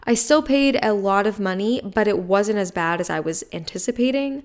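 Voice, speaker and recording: A woman hosting a solo podcast in casual chat, excitable and chatty with lots of fillers. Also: mid-range voice, moderate pace. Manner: chatty and excitable, many fillers like "like" and "you know". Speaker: podcast host.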